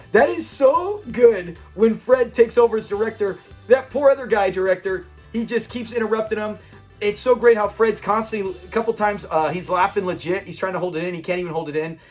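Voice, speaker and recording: High-voiced man rambling about a sitcom. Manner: enthusiastic and rambling, with frequent restarts and quoted lines. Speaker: channel host. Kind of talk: casual fan commentary on a classic sitcom.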